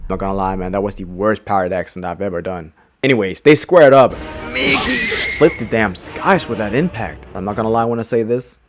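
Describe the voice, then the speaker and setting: A young man hosting a comedic monologue, talking fast in loud, slangy, hyped bits. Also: fairly low pitch, over music. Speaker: custom shoe painter and channel host.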